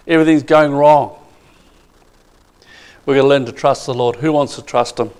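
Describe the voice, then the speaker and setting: A man's voice: medium pitch, steady tone, normal speed, a little mellow, smooth. A man preaching a sermon with emphasis, asking the congregation questions.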